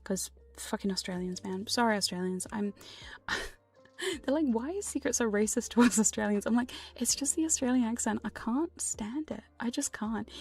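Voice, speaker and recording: Breathy whispering woman, whispered role-play. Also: a little high. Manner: soft whispering, rambling and playful; frequent laughs and swearing. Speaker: ASMR streamer. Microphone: binaural ASMR microphone.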